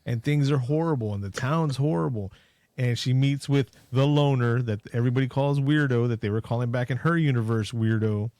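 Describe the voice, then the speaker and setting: A man's voice: mid-range voice, dark tone, dry recording. Man, podcast co-host, casual movie recap, joking, dry close sound. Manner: jokey, acts out scenes in quick voices.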